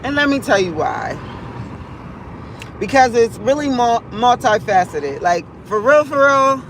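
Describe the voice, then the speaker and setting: With slight background noise behind her, a woman hosts a livestream in a fairly high, sing-song voice at a measured pace. She opens up about her emotions in a rambling, candid, profanity-laced monologue.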